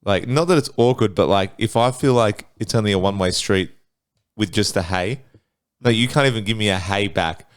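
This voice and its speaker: A man's voice: lowish voice, fairly quick. A man on a podcast panel, rambling through his opinions in casual chat.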